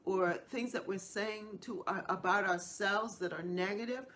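A woman's voice: medium pitch, moderate pace, a bit bright. A middle-aged woman hosting a devotional Bible teaching show, speaking in an earnest, repetitive preaching cadence.

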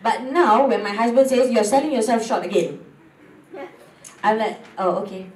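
A woman's voice: fairly high pitch, moderate pace, darkish tone, reverberant, distant mic, rough recording. A Malaysian woman talking candidly as a guest, moving between English and Malay. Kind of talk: casual talk show chat.

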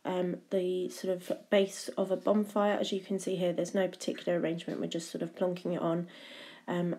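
Mellow woman explaining a craft. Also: on the low side. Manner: casual, halting, many fillers. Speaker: children's craft leader. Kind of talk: craft demonstration.

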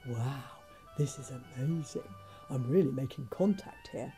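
A woman voicing a shy, dreamy young Viking boy in a storybook reading, speaking in a soft, hushed way. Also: low voice, wildly swooping pitch, fairly quick, gravelly, faint music behind, pitched below the performer's own voice, exaggerated voice. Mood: awed.

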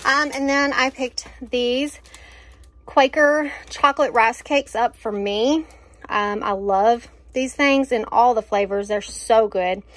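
A woman's voice: fairly high pitch, a bit bright, no echo. A woman, chatting casually and enthusiastically about her groceries, with lots of fillers. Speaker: vlogger showing a grocery haul. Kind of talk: casual chat.

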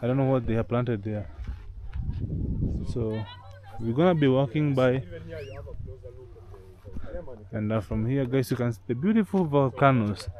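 A man narrates a walking vlog outdoors, guiding the viewer through the farmland in an explanatory way and circling back over his points. He speaks at an ordinary pitch, recorded on an action camera. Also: highs cut off. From Kenya. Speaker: travel vlogger. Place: outdoors on a rural hillside.

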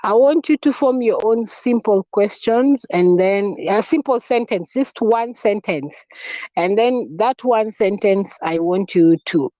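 Slow, deliberate woman teaching. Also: mid-range voice, dark tone, dry recording. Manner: repeats key words, spells them out, quizzes the class. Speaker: French teacher. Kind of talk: classroom lesson. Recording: dull lo-fi recording.

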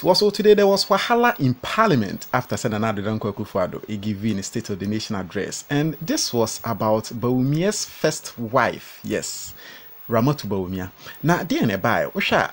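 A Ghanaian man hosting a news commentary channel, telling the story with lively code-switching. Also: on the low side. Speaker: commentary host. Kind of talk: news commentary mixing English and Twi.

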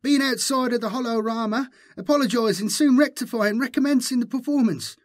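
A man voicing a fawning male herald who babbles in broken grammar, in a high, thin voice, for an audiobook. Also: brisk. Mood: babbling.

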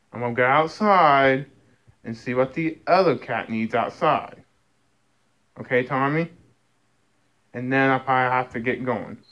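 A man's voice: mid-range voice, fairly bright tone, muffled recording. A man, talking to his cats and scolding them, stammering and restarting as he goes. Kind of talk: casual talk to pets.

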